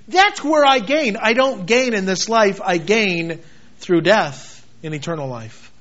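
A high-pitched male pastor delivers a sermon, his voice leaping from shouted emphasis to hushed, low intensity. The recording sounds dull and lo-fi. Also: animated, measured pace. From United States. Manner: dramatic, shifts between shouting and quiet intensity.

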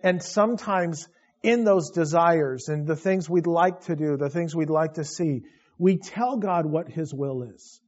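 Man, pastor, sermon, emphatic, high voice, dark warm tone. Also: unhurried, muffled recording. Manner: emphatic, rising to loud bursts.

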